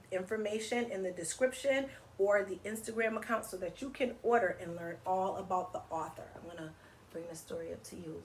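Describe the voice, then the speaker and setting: An animated woman reading a picture book to children. She talks in a teacherly way and keeps pausing to ask her young listeners questions and get them to join in. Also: medium pitch, a little hiss or hum. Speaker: children's story reader. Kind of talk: read-aloud for children.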